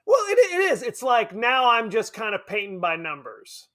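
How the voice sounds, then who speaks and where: A man co-hosting a podcast, chatting casually about a film in an animated, joking, self-deprecating way. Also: very high voice, moderate pace, a crowd in the background. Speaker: podcast co-host. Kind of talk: casual film review chat.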